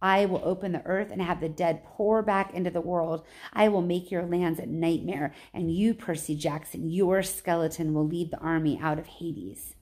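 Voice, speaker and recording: A woman's voice: lowish voice, moderate pace, few pauses, a little mellow, natural voice. Woman reading as scornful underworld god Hades. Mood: threatening. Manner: scornful, grumbling. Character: proud male god of the underworld, imperious.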